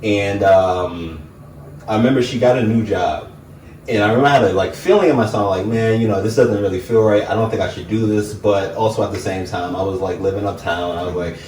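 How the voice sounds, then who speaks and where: Young new dude, deep voice, laid back storytelling, echoey room a bit off mic. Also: male voice, brisk, distant mic, slight background noise. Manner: relaxed, reflective, heavy use of "like" fillers. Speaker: interview guest. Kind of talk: candid personal storytelling.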